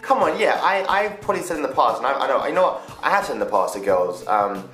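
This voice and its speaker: A man's voice: medium pitch, sing-song, fast talker, pushed and bright. A young man rambling through casual dating advice, chatty and loose, swearing and restarting his sentences. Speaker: vlogger. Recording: echoey room with faint music.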